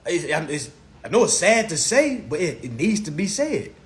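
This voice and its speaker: Man, live teaching, casual and blunt, emphatic, repeats himself, high voice, very lively pitch. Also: moderate pace. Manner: emphatic and repetitive, with rhetorical questions and profanity.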